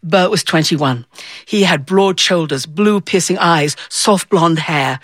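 A woman from the north of England telling a personal story in an animated, theatrical way. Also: fairly low pitch, takes it slowly, dry recording. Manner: animated, theatrical, with playful voices.

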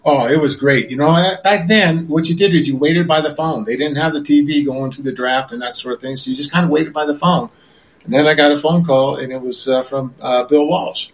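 A man's voice: fairly high pitch, brisk, poor audio. Older guy telling old football stories, lots of uh and you know, repeats himself. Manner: rambling, repeats words, many fillers. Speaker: interview guest, former quarterback. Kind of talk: relaxed reminiscing interview.

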